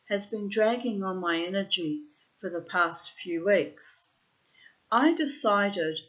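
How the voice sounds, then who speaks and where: A woman's voice: fairly low pitch, muffled recording. A woman reading her own diary entries aloud, dramatic and emphatic, with blunt swearing.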